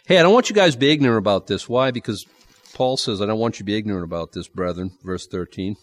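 Animated preacher man with joking asides. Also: fairly low pitch, fast talker. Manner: animated, swings from loud bursts to quiet asides; jokey, conversational asides between verses. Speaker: pastor. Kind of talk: sermon with scripture reading.

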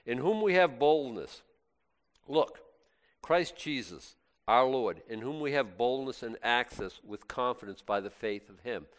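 A man preaching a sermon, swinging from loud exclamations to soft, intimate asides. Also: medium pitch, animated, measured pace.

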